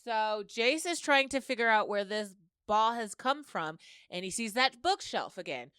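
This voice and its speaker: A woman's voice: on the high side, expressive, normal speed, fairly bright tone, smooth, no echo, clean studio sound. A woman hosting a podcast, chatting casually as she retells a story and slips into quoted dialogue. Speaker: podcast host. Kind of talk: casual episode recap.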